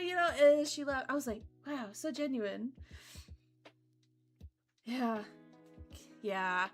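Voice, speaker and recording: A young woman VTuber chatting casually, telling a story in an animated way, with frequent laughs and casual swearing. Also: high-pitched, moderate pace. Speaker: VTuber streamer. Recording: faint background music.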